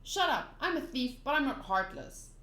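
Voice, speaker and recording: A woman voicing a sly young female thief with a coaxing, sharp manner. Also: high voice, very animated, normal speed, pitched above the performer's own voice, heavily acted. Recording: roomy echo.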